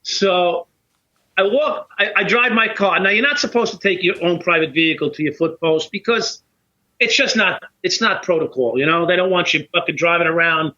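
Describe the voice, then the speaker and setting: A middle-aged man tells a story as a podcast guest, animated and profane, acting out both sides of the dialogue. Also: high-pitched, normal speed. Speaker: podcast guest, former police officer. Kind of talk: casual storytelling in conversation. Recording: dull lo-fi podcast audio.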